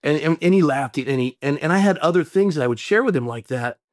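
A man's voice: on the high side, lively intonation, fast, no echo, clean studio sound. A man who is a pastor, telling a long story in an interview, rambling with many restarts and folksy sayings. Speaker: pastor and mayor.

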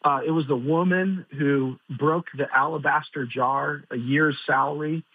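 Man, radio pastor, earnest Bible teaching, husky voice, dry phone-line sound. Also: on the high side, steady tone, a little slow, no echo. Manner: earnest, with many fillers and restarts. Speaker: radio show co-host, pastor. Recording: tinny phone-line audio.

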